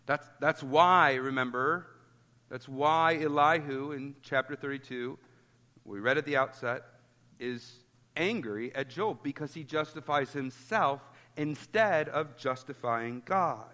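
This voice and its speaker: A man's voice: mid-range voice, unhurried, bright, forceful tone, in a large hall. A pastor giving an earnest expository sermon, citing chapter and verse as he goes.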